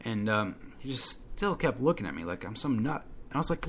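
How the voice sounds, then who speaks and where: A man telling a comic story about himself at a steady mid pitch. He rants with a lot of profanity and swings into his own quoted outbursts. The delivery is animated and loose, like an off-the-cuff podcast monologue. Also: fairly quick, a little hiss or hum. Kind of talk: comedic first-person rant.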